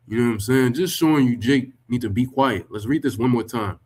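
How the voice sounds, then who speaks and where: A man's voice: mid-range voice, brisk, few pauses, darkish tone. Man firing off heated rhetorical questions. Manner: emphatic, profane, full of rhetorical questions. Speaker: religious commentator. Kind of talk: reacting to and rebutting a written text.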